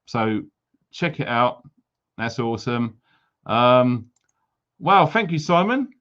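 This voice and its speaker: A man's voice: medium pitch, sing-song, slow, a bit bright, highs cut off. A man hosting a casual livestream, greeting viewers with jokey, teasing banter. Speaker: livestream host.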